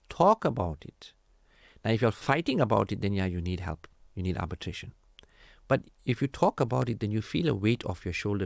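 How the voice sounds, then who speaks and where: A man hosting a radio marriage counselling talk, animated and preachy, acting out quoted family dialogue. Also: lowish voice, vocal fry, no echo, clean studio sound. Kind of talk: casual radio advice talk.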